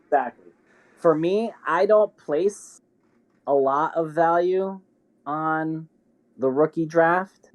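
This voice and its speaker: A man co-hosting a podcast in casual chat, hesitant and halting, often restarting his sentences. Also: on the high side, dull audio. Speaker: podcast co-host.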